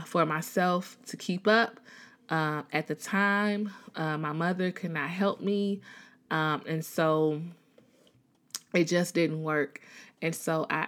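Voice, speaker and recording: A woman's voice: low voice, fairly bright tone. A woman in her thirties from the Chicago area, telling a personal faith testimony in a conversational way, with many fillers and restarts. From Chicago area, USA. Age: 30s. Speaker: Christian speaker sharing a testimony.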